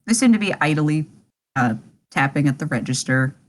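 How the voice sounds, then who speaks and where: A woman's voice: deep voice, lively intonation, moderate pace. A woman narrating as game master of a tabletop game, chatty and laughing often.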